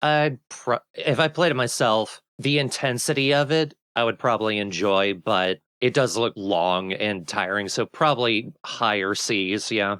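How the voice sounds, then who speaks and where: A man co-hosting a game let's play, answering in a relaxed, thoughtful way. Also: fairly low pitch, unhurried, hardly any pauses, clean tone, no echo. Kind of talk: casual gameplay commentary.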